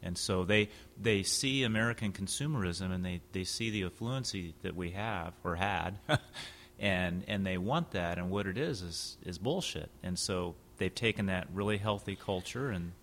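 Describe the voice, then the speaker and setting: A man hosting a casual conversation, blunt and opinionated. His voice is very low and deep. A faint hiss of noise sits under the recording. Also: normal speed, fairly bright tone. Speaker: host.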